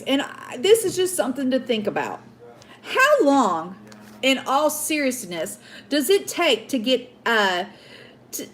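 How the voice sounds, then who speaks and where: A woman's voice: sits high, fairly bright tone. A woman hosting a political commentary show, ranting indignantly at her viewers with many fillers and restarts. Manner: indignant, outraged, addresses viewers as guys. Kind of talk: opinion rant to viewers.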